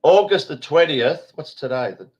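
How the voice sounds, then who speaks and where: An animated Australian man with a slightly high voice hosts an online show at a moderate pace, sounding congested. He's blunt, rambling and casual, with free-flowing swearing, in dull lo-fi stream audio.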